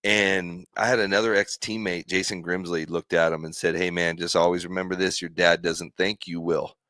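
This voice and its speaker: A middle-aged man with a very low voice talks as a show guest, animated and jokey, poking fun at himself. The sound is close and dry. He tells his stories in a loose, casual way. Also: moderate pace, dry recording. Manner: animated, jokey, self-deprecating storyteller. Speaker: guest, former pitcher. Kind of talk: casual storytelling chat.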